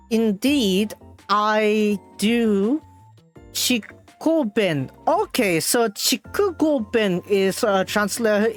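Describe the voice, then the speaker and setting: A woman streaming a game, reading the dialogue aloud and translating it, with halting speech full of fillers and restarts. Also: medium pitch.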